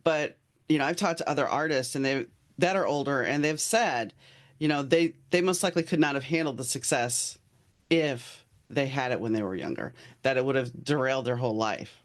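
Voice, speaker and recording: A man's voice: mid-range voice, brisk. A male podcast host from New Orleans asking long, chatty interview questions.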